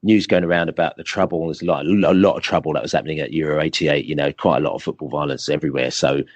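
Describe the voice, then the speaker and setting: A man, a podcast guest telling animated, rambling football fan stories full of fillers. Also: a bass voice, rapid-fire, dry recording. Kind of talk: casual storytelling interview.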